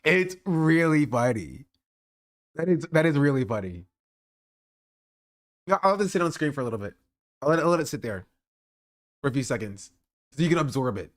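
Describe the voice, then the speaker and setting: A man's voice: on the high side, big pitch swings, moderate pace, pauses often. Male streamer, casual reaction talk, lots of fillers, mocking laughs.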